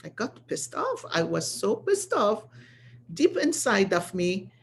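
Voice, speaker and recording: A woman's voice: medium pitch, sing-song, slow pace, creaky, slight background noise. A woman earnestly telling a personal spiritual story to viewers, repeating phrases for emphasis. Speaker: spiritual channel host.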